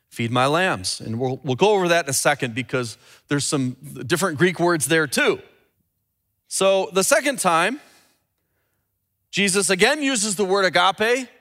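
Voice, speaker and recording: A man preaching a sermon as a pastor, teaching earnestly and dropping low and slow when he quotes scripture. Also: bright, forceful tone. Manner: repeats and restarts words when building a point.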